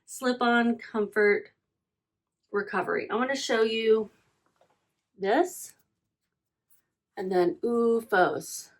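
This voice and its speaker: A woman reseller vlogger chats casually while packing and shipping her online sales, thinking out loud and repeating herself as she yawns and hiccups. Her voice is fairly high-pitched and slow, with frequent pauses.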